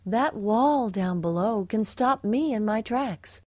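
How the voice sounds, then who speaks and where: A woman's voice: medium pitch, expressive, takes it slowly, warm tone, no room sound, studio quality, voice pushed up. Sighy tired wind dude by a woman, bedtime story, kinda over it. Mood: resigned. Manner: sighing, resigned. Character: weary sighing male wind.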